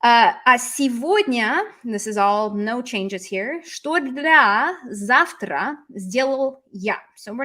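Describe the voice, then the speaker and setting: An American woman who speaks English natively, teaching a live-streamed language lesson. Her voice sits a little high, and her delivery is loose and chatty, full of ums and likes as she thinks aloud. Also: fairly bright tone. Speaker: Russian teacher.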